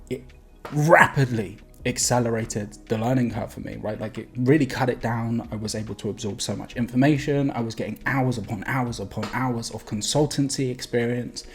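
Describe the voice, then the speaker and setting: A man speaks to camera as a sales coach, energetic and emphatic, with short laughs and the odd casual swear between phrases. His voice sits at a middling pitch for a man. Soft background music plays faintly beneath him. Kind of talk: direct-to-camera vlog.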